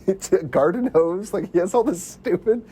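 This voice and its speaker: Young man, podcast co-host, casual movie chat, animated, laughs often, faint background hiss. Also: high-pitched, normal speed.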